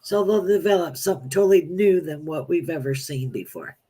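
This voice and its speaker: Female psychic guest, plain-spoken, halting with restarts. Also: low-pitched, expressive, mellow, husky. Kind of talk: casual live-stream chat.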